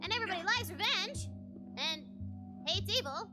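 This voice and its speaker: High, wildly swooping voice for a gleeful, mischievous video game narrator, with game music under it. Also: female voice, expressive, moderate pace, bright, forceful tone, exaggerated voice.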